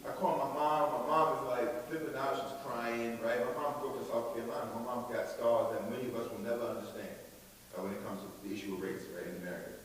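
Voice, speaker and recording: A man's voice: mid-range voice, steady tone, fast talker, far from the mic. Slangy man talking in an echoey hall. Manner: casual and slangy, addressing the crowd directly. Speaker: visiting author. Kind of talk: storytelling talk to a school audience. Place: school auditorium. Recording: echoey hall from afar, faint hiss.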